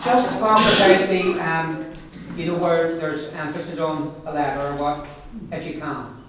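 A man teaching a pronunciation class, patiently repeating words slowly for learners. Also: fairly high pitch, steady tone, heavy background noise. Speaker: Irish language teacher. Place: classroom with students. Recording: echoey classroom from far off, group around.

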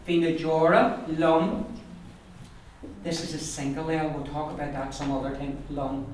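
A woman teaching a language class, patiently repeating words slowly for her learners. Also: low-pitched, steady tone, a little mellow. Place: classroom or meeting room. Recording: roomy echo, mic far off, class noise behind.

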